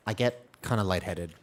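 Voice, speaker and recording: Low-voiced tired streamer guy. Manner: halting, trailing off, clears throat often. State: tired, yawning. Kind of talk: casual gameplay chat.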